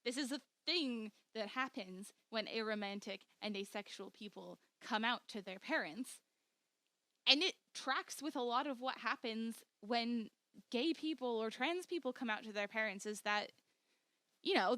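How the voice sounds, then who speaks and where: A woman's voice: medium pitch, normal speed, pushed and bright, no echo. A woman giving an informal commentary monologue, peppered with "like", acting out the quotes she cites. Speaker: video commentator.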